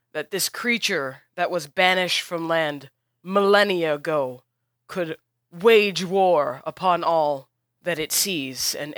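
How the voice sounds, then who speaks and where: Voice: medium pitch, fairly bright tone, dry recording. A game master voicing a stern, commanding half-orc woman leader who speaks formally. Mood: urgent. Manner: measured, formal speech.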